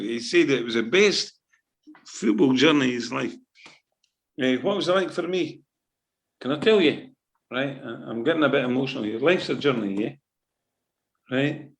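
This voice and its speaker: A man's voice: medium pitch, moderate pace, creaky, long pauses, rough recording. A middle-aged Scottish man, a football manager, telling an emotional story in an interview, repeating himself and often checking in with "right?". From Scotland. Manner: animated, repetitive, keeps asking "right?".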